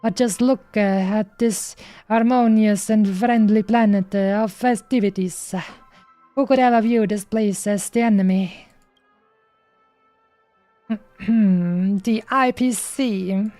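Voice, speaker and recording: A woman's voice: mid-range voice, steady tone, slow pace, warm tone, soft background music. A woman streamer reading game dialogue aloud in a playful way, stopping often on fillers as she goes.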